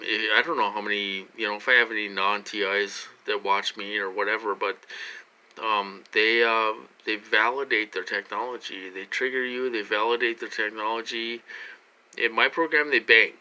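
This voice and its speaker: A man's voice: lowish voice, pushed and bright. A man talking straight to his vlog audience from his own room, rambling and repeating himself with lots of fillers. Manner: rambling and repetitive, heavy with fillers. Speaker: vlogger. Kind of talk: casual vlog monologue.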